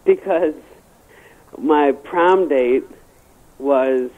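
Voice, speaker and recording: Frank, stammering male guest, slightly high voice, phoned in. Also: very slow. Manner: rambling, stammering, crude and frank. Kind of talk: casual storytelling chat. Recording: tinny phone line.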